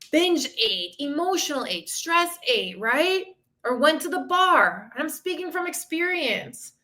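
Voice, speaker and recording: A woman in her thirties who coaches fitness and mindset talks openly to her listeners on a podcast. Her voice sits high and rings bright and forceful. She speaks with candid emotion and steady encouragement, dropping the odd swear word. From outside the country she lives in. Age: 30s. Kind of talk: solo podcast talk.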